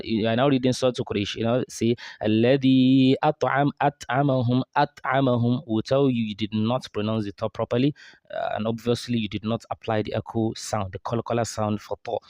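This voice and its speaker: A man from Nigeria, teaching recitation and drilling sounds slowly over and over. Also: mid-range voice, darkish tone, dry recording, clean studio sound. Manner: slow drawn-out model syllables, repeated drills. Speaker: tajweed teacher. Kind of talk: recitation lesson.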